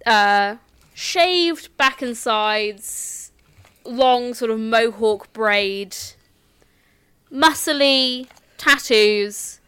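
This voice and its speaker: A woman acting as game master, calmly explaining the characters and rules of a tabletop game with some restarts. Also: fairly high pitch, drawn-out words, smooth, no room sound.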